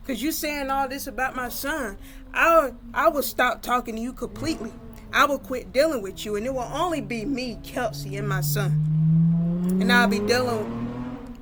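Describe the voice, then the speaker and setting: A woman's voice: on the high side, fairly bright tone. A woman voicing an angry young man scolding his sister in a spoken story. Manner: heated, scolding, emphatic.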